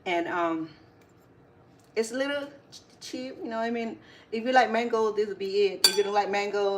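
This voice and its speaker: A woman's voice: mid-range voice, normal speed, long pauses, fairly bright tone, slight background noise. Chatty woman chef rambling through a recipe. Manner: chatty, rambling, corrects herself mid-sentence. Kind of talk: casual cooking demonstration.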